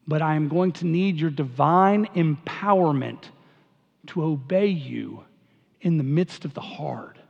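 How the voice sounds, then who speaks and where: A man's voice: on the high side, unhurried, creaky. A man preaching a sermon to his congregation, conversational and emphatic, often repeating himself. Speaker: pastor. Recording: dull sound, long hall reverb.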